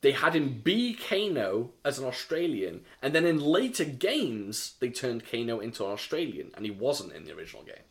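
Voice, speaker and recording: A man's voice: medium pitch, sing-song, normal speed, hardly any pauses. A man co-hosting a casual film chat, jokey and laughing often. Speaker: podcast co-host.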